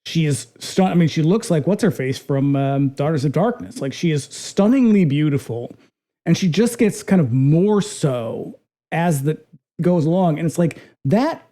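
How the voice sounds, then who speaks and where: A podcast co-host talking casually about a film, animated and profane, acting out lines of dialogue. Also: medium pitch, moderate pace. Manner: animated, profane, acts out quotes.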